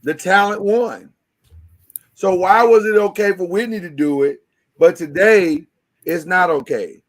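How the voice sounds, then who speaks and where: A man's voice: sits high, measured pace. A man hosting a casual podcast discussion, talking emphatically and repeating words as he starts his thoughts. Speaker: podcast host.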